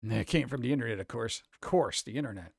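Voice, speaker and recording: A man's voice: medium pitch, fast, vocal fry, slightly rough, no room sound, studio quality. A man from New York with a New York accent, hosting a casual livestream and reacting to chat in a sarcastic, mock-exasperated way. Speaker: streamer host.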